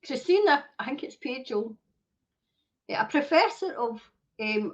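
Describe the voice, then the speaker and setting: A woman's voice: sits high, fairly bright tone. A woman hosting a commentary show, reading news aloud and breaking into angry, swearing rants full of rhetorical questions, with occasional coughs. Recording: dull lo-fi home recording.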